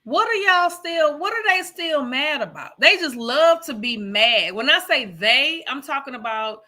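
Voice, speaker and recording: A woman's voice: high-pitched, lively intonation, a little slow, pushed and bright. A woman from Texas co-hosting a casual livestream podcast, talking in a rambling way and speaking to viewers. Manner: rambling and conversational, loses her thread and talks to viewers. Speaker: podcast co-host.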